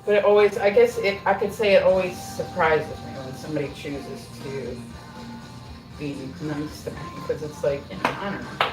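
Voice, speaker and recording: A middle-aged woman chats away on a home livestream, self-deprecating and loose with her swearing. Her voice sits on the low side and comes from a little way off the mic. Her kitchen sounds roomy, with music playing underneath. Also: moderate pace. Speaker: livestream host. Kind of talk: casual livestream chat while baking. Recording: roomy echo, mic at a distance.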